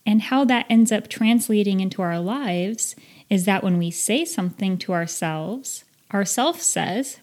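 A woman's voice: medium pitch, lively intonation, a little slow, darkish tone. A woman in her thirties hosting a self-help podcast, talking earnestly and with animation, laughing at herself now and then. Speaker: podcast host.

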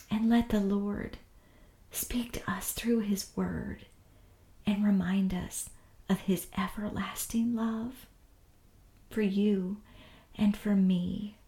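A woman teaching a devotional Bible lesson in an earnest, gentle manner, often dropping to a soft hush. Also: mid-range voice, echoey room. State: tearful.

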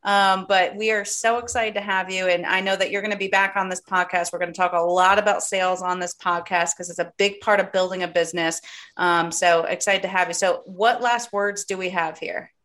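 A woman's voice: fairly low pitch, fairly even intonation, brisk, fairly bright tone. A woman hosting a podcast in a casual, candid chat, giving emphatic advice. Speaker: podcast host.

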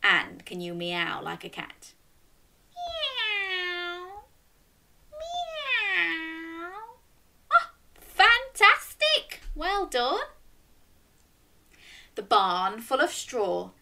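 A woman's voice: on the low side, takes it slowly, creaky, bright, forceful tone. A woman hosting a storytime for young children, reading a picture book aloud and coaxing listeners to join in with animal sounds.

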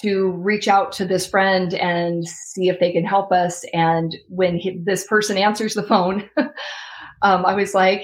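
A woman's voice: on the low side, flat delivery, unhurried. A young adult woman, an interview guest, recounting a frightening ordeal in an earnest, sometimes tearful way. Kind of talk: emotional storytelling.

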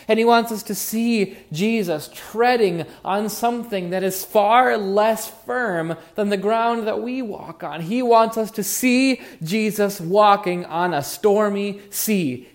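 A man preaching a sermon as pastor, earnest and musing, leaning on words for emphasis. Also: high voice. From Oregon.

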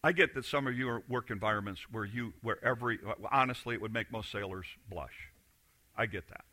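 A man preaching a sermon as pastor, swinging between loud emphatic lines and quiet, confiding asides. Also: fairly low pitch, no echo.

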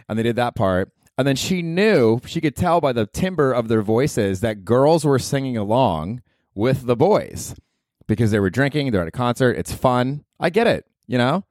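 A man's voice: medium pitch, big pitch swings, moderate pace, darkish tone, dry recording, clean studio sound. A man in his thirties hosting a solo podcast, telling rambling, profane stories and chuckling. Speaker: podcast host. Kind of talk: casual solo podcast monologue.

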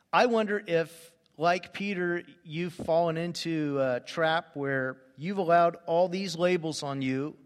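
A man's voice: on the high side, fairly bright tone. Man preaching in a reverberant hall. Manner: earnest, direct address with rhetorical questions. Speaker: pastor. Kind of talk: sermon.

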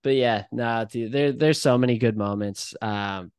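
A man's voice: mid-range voice, measured pace, clean tone, no room sound, studio quality. A young adult man co-hosting a podcast, chatting casually and thinking back on his college days, with lots of "like" and "um" fillers. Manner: relaxed and reflective, with many "like" and "um" fillers. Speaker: podcast co-host. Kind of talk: casual chat.

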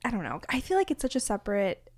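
A woman co-hosting a podcast, leading the questions in a relaxed, conversational way. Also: mid-range voice, quick pace. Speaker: podcast co-host. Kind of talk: casual chat.

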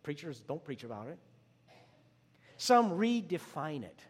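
A pastor preaching a sermon, with sudden rises to loud, emphatic lines and drops to a hush. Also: male voice, fairly high pitch, big pitch swings, unhurried, breathy edge, in a large hall. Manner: dramatic swings between loud emphatic lines and hushed drops.

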